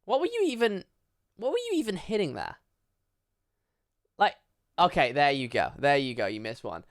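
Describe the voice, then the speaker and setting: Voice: medium pitch, huge pitch swings, normal speed, long pauses, a bit bright, no echo, studio quality. A livestreamer chatting casually at a home desk, rambling with lots of fillers and casual swearing. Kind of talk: casual live-stream chat.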